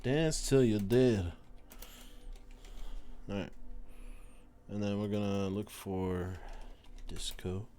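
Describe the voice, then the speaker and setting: A man's voice: lowish voice, slow, long pauses, warm tone. Casual, cursing male streamer. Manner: casual, swears often, stumbles while reading aloud. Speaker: streamer playing a game. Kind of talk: casual live-stream commentary.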